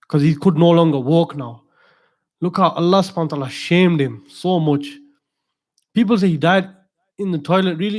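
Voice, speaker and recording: A man gives a religious talk as a teacher, with a voice that sits a little high. He tells his story in a loose, chatty way and turns aside to ask the audience questions. He chuckles at the odd parts of the tale.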